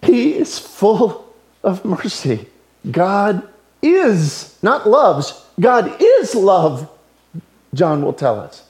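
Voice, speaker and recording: A male pastor preaching a sermon, telling stories in an animated way that swings between loud and hushed. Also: high voice, extremely slow.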